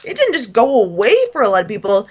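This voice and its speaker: Blunt, swearing woman with a lively voice. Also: medium pitch, fast talker, breathy edge. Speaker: podcast co-host. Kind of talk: casual profane chat.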